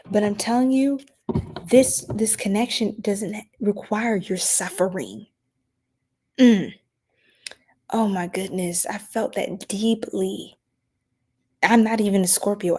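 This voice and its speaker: A tired woman giving a late-night live stream tarot reading, chatting playfully in slang and often dropping into soft whispers. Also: medium pitch, slow pace, long pauses, breathy edge. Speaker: tarot reader.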